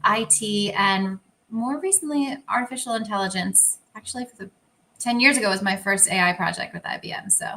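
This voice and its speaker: A woman co-hosting a spiritual Q&A, speaking in a measured, slightly hesitant way as she reads out viewers' questions. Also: mid-range voice, bright, forceful tone, poor audio. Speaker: co-host. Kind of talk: casual talk, reading out questions.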